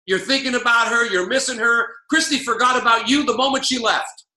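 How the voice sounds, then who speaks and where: Male motivational coach, emphatic and repetitive, high bright voice. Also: brisk, reverberant. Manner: emphatic, preachy, repeats key lines. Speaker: network marketing coach.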